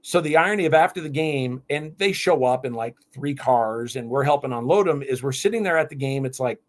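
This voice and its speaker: A man in his fifties from New England, a podcast guest telling animated stories in casual interview talk. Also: mid-range voice, fairly quick. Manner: animated, lively anecdotes with restarts.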